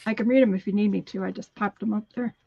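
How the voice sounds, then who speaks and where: A woman's voice: medium pitch, fairly even intonation, quick pace, gravelly, slightly rough, dry recording, muffled recording. A woman helping at a live sale by reading out buyers' orders in a matter-of-fact, playful way.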